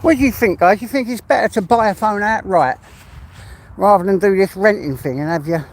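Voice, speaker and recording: A man with an English accent walks his dog outdoors in the fields, chatting on a phone livestream and sometimes swearing. He has a high voice, talks a little fast, and a slight hiss or hum can be heard.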